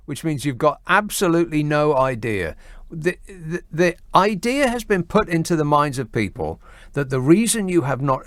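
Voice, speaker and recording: Exasperated radio host, lively pitch. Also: male voice, no echo, clean studio sound. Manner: exasperated, sardonic, argumentative. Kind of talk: late-night radio phone-in. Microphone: studio microphone.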